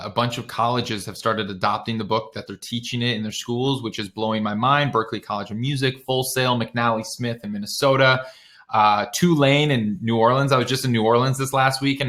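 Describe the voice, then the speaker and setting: A man's voice: mid-range voice, sharp tone. A young man chatting casually on a live stream, greeting viewers by name and reading out their comments. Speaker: author and musician hosting a live stream. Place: home, near his bookshelf.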